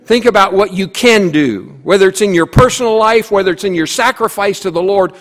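Male pastor, sermon, slightly high voice, animated storytelling, long church-hall reverb. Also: fairly quick, few pauses. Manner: storytelling with voiced characters, emphatic repetition. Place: church sanctuary.

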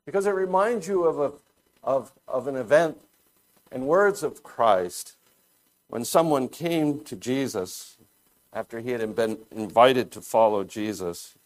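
A pastor with an expressive mid-range voice preaches a sermon deliberately and thoughtfully. Explaining scripture, he often pauses and restarts his phrases.

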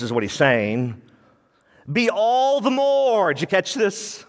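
A man's voice: fairly high pitch, expressive, unhurried, in a large hall. A male pastor preaching a sermon in an emphatic, conversational way, often repeating himself as he works through a passage.

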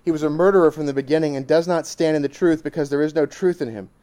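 A man's voice: a little high, fast. Emphatic man preaching a sermon. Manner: emphatic, repeating lines for emphasis, rising to loud exclamations.

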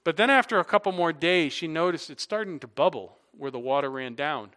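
A male pastor delivers a sermon in a bright, clear voice pitched a little above the usual. He moves through everyday stories, leans hard on repeated key phrases, and ends by leading a prayer. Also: fairly quick. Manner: illustrative storytelling and emphatic repetition, closing in prayer.

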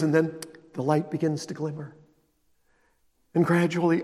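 A man's voice: medium pitch, steady tone, moderate pace, darkish tone, in a large hall. A male pastor preaching a sermon, emphatic and repeating his key lines.

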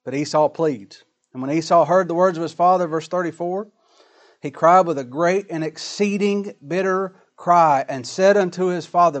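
A man's voice: a little high, normal speed. A man preaching a sermon in a folksy, dramatic style, with plain colloquial grammar and rising, emphatic lines.

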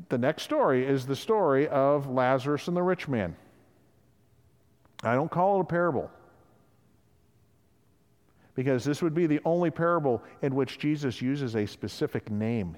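A man's voice: a little high, expressive, normal speed, pauses often, darkish tone, big-room sound. A man preaching a sermon in a conversational way, often acting out the voices of people he quotes. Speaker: pastor.

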